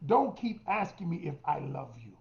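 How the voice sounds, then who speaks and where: A man's voice: fairly high pitch, big pitch swings, normal speed, creaky. Emphatic middle-aged male relationship coach. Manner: emphatic, addresses listeners as y'all, acts out quotes. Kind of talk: coaching monologue to women. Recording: roomy, dull lo-fi sound.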